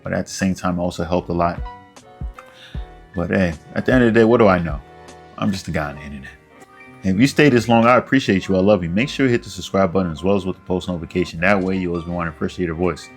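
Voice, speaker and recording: A man with a deep, low voice and a gravelly edge hosts a casual commentary vlog. He rambles along, joking at his own expense. Faint music plays behind him. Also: fast. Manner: rambling, joking, self-deprecating. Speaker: commentary channel host.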